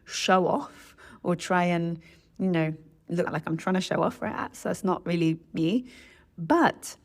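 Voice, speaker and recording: A woman language coach talking through a topic in a relaxed, chatty way, often checking in with "right?" and correcting herself as she goes. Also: lowish voice. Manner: chatty, self-correcting, tags sentences with "right?". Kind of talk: solo educational podcast talk.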